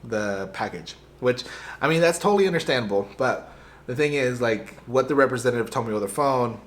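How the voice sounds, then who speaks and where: A young man vlogging, retelling a frustrating errand in a rambling, animated way with lots of fillers and restarts. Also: medium pitch, fairly quick. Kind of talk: casual storytelling to camera.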